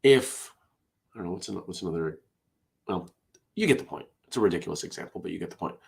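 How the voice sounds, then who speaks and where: A man's voice: sits low, animated, fast talker, gravelly. A man hosting a casual solo morning show. He rambles, interrupts himself, and drifts into side stories between the jokes he reads aloud.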